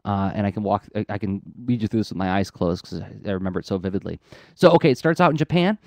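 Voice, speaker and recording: A man's voice: lowish voice, fast, creaky, darkish tone, dry recording. A man co-hosting an art podcast, talking casually and enthusiastically with lots of fillers and restarts. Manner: enthusiastic, rambling, frequent fillers. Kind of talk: casual explaining chat. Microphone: close podcast mic.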